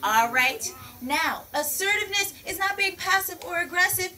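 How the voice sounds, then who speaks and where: High, bright, energetic woman teacher outdoors. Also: moderate pace, distant mic, a little hiss or hum, poor audio. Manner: energetic, playful, calls the crowd "my people" and "y'all". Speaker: peace educator teaching children. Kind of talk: lively outdoor lesson for kids.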